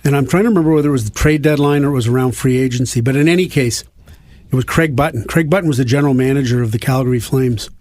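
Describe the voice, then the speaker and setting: A man's voice: medium pitch, racing, darkish tone, no room sound. A middle-aged man from Canada, a hockey insider, telling self-deprecating stories on a podcast in a studio. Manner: self-deprecating anecdotes with restarts. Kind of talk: casual podcast storytelling.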